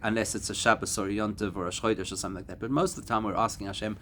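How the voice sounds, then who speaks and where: A man, a rabbi, giving a Torah class to a live audience, animated and climbing to emphatic peaks. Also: fairly low pitch, rapid-fire, slight background noise. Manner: animated, rising to emphatic peaks and acting out quoted voices.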